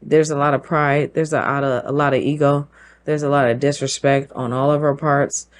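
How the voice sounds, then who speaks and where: A woman hosting her own show, talking through a forceful opinion monologue, firing off rhetorical questions and laughing between points. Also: low-pitched, little pitch movement, normal speed. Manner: emphatic, fires rhetorical questions. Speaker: show host.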